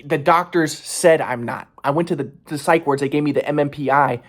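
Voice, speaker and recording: A man's voice: on the high side, steady tone, a little fast. A man in a casual personal monologue, rambling and repeating himself, aggrieved and swearing heavily. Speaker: vlogger.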